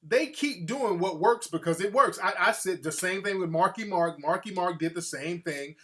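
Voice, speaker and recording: The host's voice is fairly high for a man and sharp in tone as he talks through his opinions, swearing freely. He delivers it with energy, often dropping into quick parodies of others.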